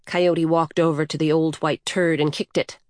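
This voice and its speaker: A woman narrating a storybook in a slow, measured, lyrical way. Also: deep voice, flat delivery, darkish tone, no room sound, studio quality. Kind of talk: scripted audiobook narration.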